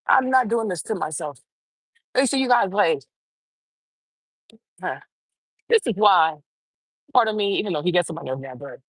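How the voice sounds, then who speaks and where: A woman's voice: mid-range voice, breathy edge, dry recording. A woman hosting an uncensored commentary show, talking emphatically and swearing, mocking others in put-on voices.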